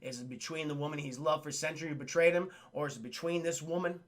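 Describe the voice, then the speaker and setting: A man giving casual, profane, animated stream commentary while reviewing a cartoon for his chat. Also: a little high, quick pace.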